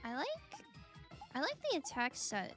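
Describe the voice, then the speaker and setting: A woman's voice: high voice, huge pitch swings, moderate pace. A woman streamer giving casual, chatty commentary on a game, laughing often and reading game text aloud. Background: game music.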